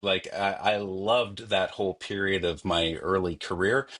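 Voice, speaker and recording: A man with a Canadian accent, a guest in an interview, speaking thoughtfully with frequent pauses and restarts. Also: low voice, flat delivery, fairly bright tone. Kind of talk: conversational interview.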